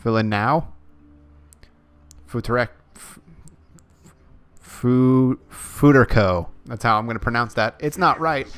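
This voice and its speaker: A man's voice: mid-range voice, moderate pace, long pauses, pushed and bright. A young man giving casual, rambling commentary over gameplay, often correcting himself as he talks. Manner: rambling, self-correcting, chatty. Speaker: gaming YouTuber.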